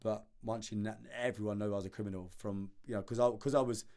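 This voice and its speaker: A man, a podcast guest telling his story in casual conversation, animated and slangy, often repeating words as he acts out the dialogue. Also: lowish voice, fast talker.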